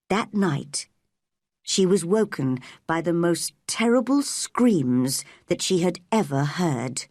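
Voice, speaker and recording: A woman narrating a simple storybook clearly and deliberately for English learners. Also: lowish voice, lively intonation, darkish tone, no echo, studio quality.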